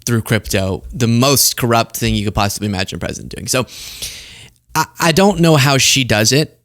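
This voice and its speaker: A man's voice: mid-range voice, fairly quick. A young man hosting a political commentary show, talking in a sarcastic, conversational way. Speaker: host.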